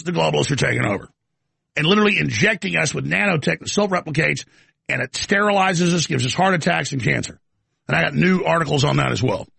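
A man's voice: a little high, pushed and bright, no room sound. A man hosting a live talk show, ranting in heated, rambling commentary with stammering restarts. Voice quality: gravelly. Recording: live studio broadcast.

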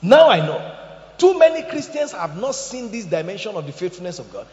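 A male pastor preaching with a high, very animated voice that leaps between loud, forceful bursts and hushed asides, with joking touches along the way. The sound rings with long reverb through a large church hall and is slightly dull and muffled. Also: fairly quick. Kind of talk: sermon.

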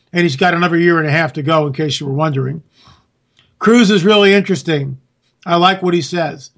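A man's voice: sits high, a bit bright. A man hosting a political talk radio show, ranting and sarcastic, talking straight to his listeners. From California.

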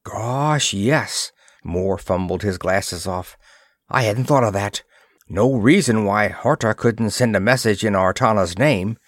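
A man's voice: lowish voice, measured pace, no echo, clean studio sound. A man voicing a placid, loyal male officer who speaks earnestly and cautiously. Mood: worried.

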